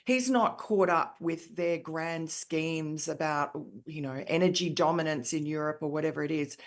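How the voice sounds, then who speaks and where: Australian woman guest, low register, emphatic, filler-heavy, middle-aged. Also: normal speed. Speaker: author and columnist guest. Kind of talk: conversational interview answers.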